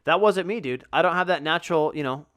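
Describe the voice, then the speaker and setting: A man's voice: a little high, fast talker, fairly bright tone. A young man hosting a podcast, telling a rambling, profane, self-mocking story about being bad at sports in a casual solo chat. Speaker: podcast host.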